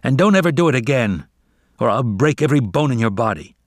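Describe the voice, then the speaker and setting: A man's voice: medium pitch, lively intonation, fast, no room sound, clean studio sound, pitched above the performer's own voice, close to an everyday voice. A man voicing an arrogant, bullying big brother tomcat who sneers and threatens. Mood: menacing. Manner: sneering, menacing.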